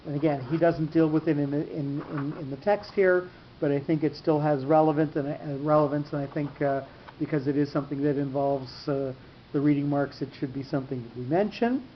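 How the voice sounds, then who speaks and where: A man teaching a class on cantillation marks. He explains patiently, rephrases often, and fills pauses with ums. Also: steady tone. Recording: dull lo-fi recording with faint rumble.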